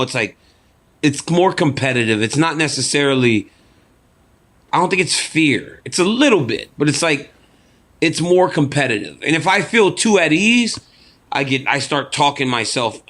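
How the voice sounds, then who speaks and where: A man from Louisiana, a guest in an interview, telling animated stories and often laughing. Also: fairly high pitch, moderate pace. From Louisiana, USA. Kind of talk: casual chat, storytelling.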